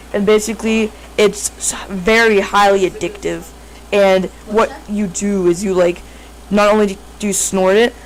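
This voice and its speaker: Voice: mid-range voice, gravelly, a little hiss or hum, rough recording. Rambling casual storyteller, full of fillers. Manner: rambling, filler-heavy, frequent self-corrections.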